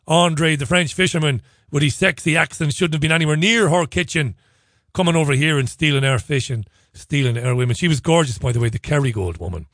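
A man's voice: fairly high pitch, fairly quick, a bit bright, dry recording, clean studio sound. A man hosting a radio show, talking in a chatty, sarcastic, jokey way between stories and listener tweets. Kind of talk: opinionated radio monologue.

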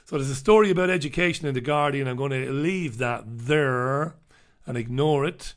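Going through newspaper stories and viewer comments on his live stream, this host rambles loosely and repeats himself, scoffing and tossing in wry, sardonic asides. He speaks in a mid-range voice at normal speed.

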